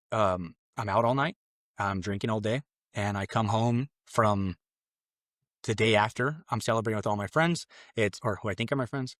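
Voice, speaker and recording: A man's voice: medium pitch, a bit bright, no room sound. Earnest young man telling his story, dry. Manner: earnest, loose and conversational, acting out his own past thoughts. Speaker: podcast guest. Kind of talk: personal conversion story, casual storytelling.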